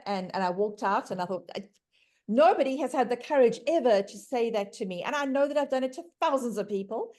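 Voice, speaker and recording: A woman's voice: a little high, animated, brisk, a little mellow. A middle-aged woman, a mother and podcast guest, telling family stories in casual chat with stammered restarts. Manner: rambling storytelling, frequent restarts and stammers.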